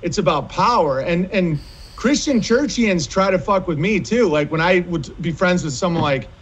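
High-voiced man telling profane stories. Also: normal speed, slightly rough. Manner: animated, profane storytelling. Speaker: podcast guest. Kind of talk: casual podcast conversation.

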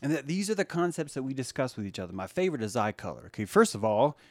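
An animated man hosts a casual livestream, his voice leaping high and loud when he mocks something, then dropping to low muttered asides. He talks straight to his chat viewers and greets them by name. The sound is dry and close to the mic. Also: fast, no echo. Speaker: livestream podcast host.

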